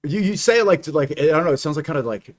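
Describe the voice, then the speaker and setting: A man hosting a casual reaction stream, animated and teasing, firing off quick questions. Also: fairly high pitch. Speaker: streamer and host.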